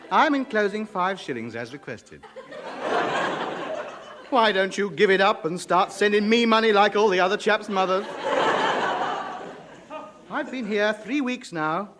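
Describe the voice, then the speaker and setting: A squeaky whining new schoolboy. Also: male voice, lively intonation, measured pace, pauses often, over music. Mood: wry. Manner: whining, eager-to-please schoolboy. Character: new schoolboy at a boarding school, timid and plummy. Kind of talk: 1950s radio comedy acting. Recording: hissy old radio broadcast recording.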